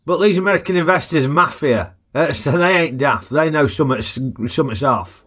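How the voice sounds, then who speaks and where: A man's voice: fairly high pitch, expressive, a little fast, fairly bright tone. A man giving a chatty, jokey film review full of tag questions. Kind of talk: casual film review narration.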